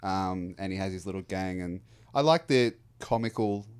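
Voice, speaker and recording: A man's voice: low-pitched, normal speed, clean tone. A man, co-hosting a casual film review chat and rambling through his thoughts with restarts and fillers. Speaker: podcast co-host.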